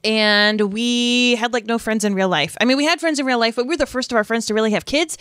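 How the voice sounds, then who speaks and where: A woman's voice: a little high, fast, fairly bright tone, clean tone, no echo. A woman with a Rhode Island accent, a blend of Boston and New York, co-hosting a podcast from her home studio in bubbly, chatty banter. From Rhode Island, USA. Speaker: podcast co-host. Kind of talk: casual podcast chat.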